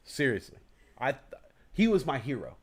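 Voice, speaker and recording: A man hosting a casual livestream talk show, telling animated stories, acting out inner voices and swearing casually. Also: medium pitch, moderate pace, breathy edge.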